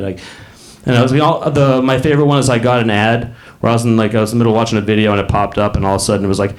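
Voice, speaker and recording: A man's voice: on the low side, fairly even intonation, racing. A man in his late thirties doing a stand-up comedy set in a club, rambling and self-mocking, bursting into acted voices. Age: late 30s.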